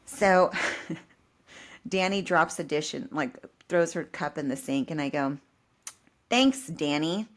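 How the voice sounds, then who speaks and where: A woman's voice: low voice, slow. A middle-aged woman co-hosting a podcast, telling a home story with laughs and acted-out quotes. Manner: animated, laughing, acts out quoted dialogue. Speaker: podcast co-host. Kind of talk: casual storytelling chat.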